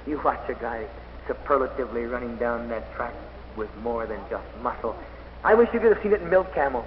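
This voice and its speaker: A man's voice: mid-range voice, fast talker. Man telling dramatic stories in an old hall recording. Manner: dramatic storytelling, swinging from loud excitement to hushed intensity. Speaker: athlete giving an inspirational speech. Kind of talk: inspirational speech. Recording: old dull recording in an echoey hall with faint noise.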